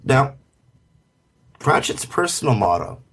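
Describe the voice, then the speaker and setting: A man's voice: mid-range voice, big pitch swings, takes it slowly, fairly bright tone, breathy edge. A man co-hosting a web radio show in casual, chatty talk full of fillers and restarts. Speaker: podcast co-host.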